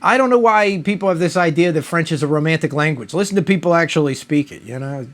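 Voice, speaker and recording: A man's voice: on the high side, expressive, fast, a bit bright. A man reviewing a beer in a casual, rambling monologue, mock-outraged and profane.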